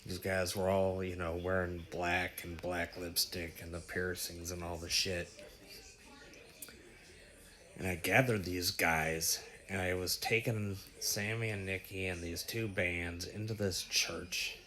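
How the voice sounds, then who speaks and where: A man telling the story of a strange dream in a casual, animated way, swearing freely. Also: deep voice, slow pace. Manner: animated, profane, breathless retelling. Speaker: vlogger recounting a dream.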